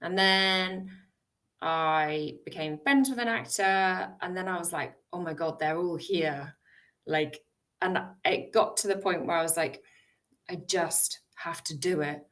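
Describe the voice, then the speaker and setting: Casual British actor guest, animated raconteur. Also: female voice, fairly low pitch, unhurried. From United Kingdom. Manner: animated, laughing storyteller who acts out her past self. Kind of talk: storytelling interview talk.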